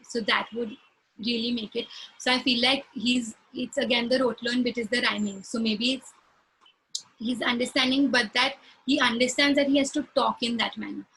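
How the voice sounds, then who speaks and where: Here a female speech-language pathologist casually answers clinical questions, using examples and acting out brief phrases as if talking to a child. Her pitch is fairly high, with a creaky, fairly bright tone. The low-quality recording has slight background noise.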